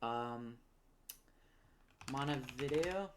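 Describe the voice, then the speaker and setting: A woman recalling and naming towns out loud, hesitant with many ums, correcting herself and apologizing for her pronunciation. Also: a bass voice, extremely slow, background noise. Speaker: geography video creator. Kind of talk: casual recall while typing.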